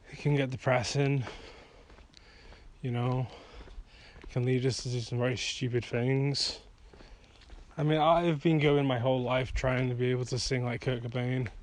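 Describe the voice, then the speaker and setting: A vlogger and songwriter with a mid-range, darkish voice talks frankly while walking outside at night. The casual monologue meanders, and he swears freely once he gets heated.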